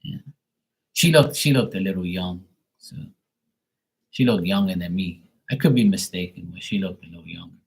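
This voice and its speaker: A man's voice: low voice, moderate pace, vocal fry, pauses often, rough recording. A man hosting a live stream, rambling through a casual story in streetwise slang with lots of swearing and acted-out conversations. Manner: acts out both sides of conversations. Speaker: live stream host giving readings.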